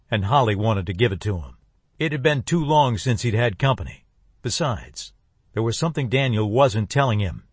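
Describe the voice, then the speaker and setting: A male narrator reads an audiobook in a steady, even manner. His voice is mid-pitched and sits dry and close to the mic. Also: slightly rough, no room sound.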